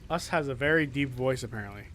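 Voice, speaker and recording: A man's voice: medium pitch, fast talker, fairly bright tone, faint music behind. A man streaming a game, joking casually and talking both to the characters and to his chat. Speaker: gaming streamer. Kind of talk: casual live gameplay commentary.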